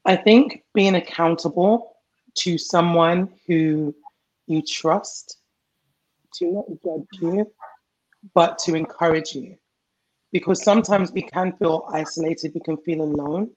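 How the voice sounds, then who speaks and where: An emotional healing coach, a woman, giving advice in a measured, coaching tone. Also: lowish voice, darkish tone, rough recording. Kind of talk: guest advice on a talk show.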